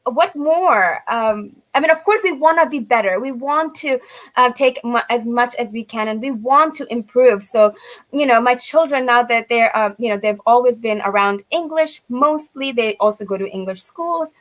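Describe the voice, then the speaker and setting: Earnest woman, slightly high voice. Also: moderate pace, a bit bright. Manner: earnest, filler-heavy with frequent "you know". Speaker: panel guest, author. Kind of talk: panel conversation.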